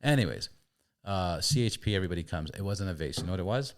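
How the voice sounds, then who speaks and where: A man hosting a casual podcast, telling stories in an animated way. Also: low voice, fast talker. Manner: animated storyteller. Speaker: podcast host.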